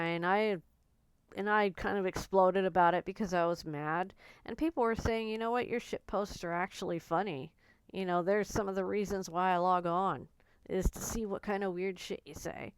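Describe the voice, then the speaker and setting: Woman, casual vlog monologue, smooth clear voice, dry close sound, blunt and emotional, swears. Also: medium pitch, steady tone, normal speed, dry recording. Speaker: vlogger. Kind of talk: candid personal storytelling.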